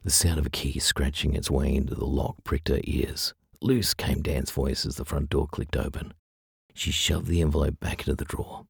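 A man reading a story aloud in measured audiobook narration. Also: very deep voice, level tone, gravelly, husky, no room sound, clean studio sound.

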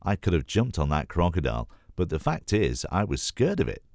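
A man's voice: sits low, wildly swooping pitch, a little fast, gravelly, a little mellow, no room sound, studio quality, pitched above the performer's own voice, full character voice. A man voicing a thoughtful young male gorilla prince in a storybook reading. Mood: earnest. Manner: earnest, self-doubting.

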